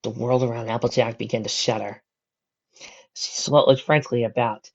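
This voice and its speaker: Low-voiced woman reading a storybook. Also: moderate pace, dull audio. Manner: steady descriptive narration with occasional slips. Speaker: narrator. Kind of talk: fan fiction audiobook reading.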